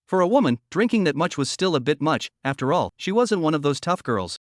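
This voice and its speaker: A man reading a scripted story recap in an even, steady way. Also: on the high side, fairly quick, no room sound, clean studio sound. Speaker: narrator.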